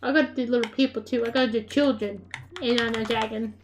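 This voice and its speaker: A woman narrates her own game as she plays, excitable and quick to laugh, throwing playful taunts at her opponents. Her voice sits a little on the high side. Faint keyboard clicks tick away in the background. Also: a little hiss or hum. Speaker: gaming creator. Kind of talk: live gameplay commentary.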